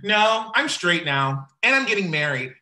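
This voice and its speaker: A woman playing a jittery, excitable young man just out of a hospital, reading a comic play over a video call. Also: on the low side, measured pace, full character voice. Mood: insistent. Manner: anxious, excitable, outbursts.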